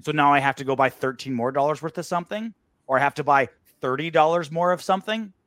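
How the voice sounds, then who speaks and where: A man co-hosting a casual sports podcast, ranting in an animated, crude way. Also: a little high, fast, no room sound. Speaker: podcast co-host.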